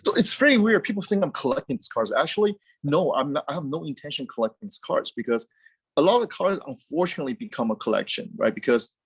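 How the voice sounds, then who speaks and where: Animated man, dry close sound. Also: a little high, quick pace, breathy edge, dry recording. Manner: animated, rambling with frequent restarts and repeated words. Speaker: guest, car company founder. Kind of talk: casual interview chat.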